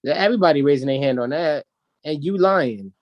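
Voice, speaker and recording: Low-voiced teasing woman, dull dry sound. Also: lively intonation, a little fast. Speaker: co-host. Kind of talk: casual group chat.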